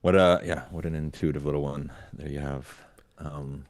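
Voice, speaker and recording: A man's voice: very deep voice, steady tone, normal speed, no echo. A man co-hosting a podcast about fatherhood, thinking aloud in a thoughtful, searching way. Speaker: podcast co-host. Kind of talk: reflective casual conversation.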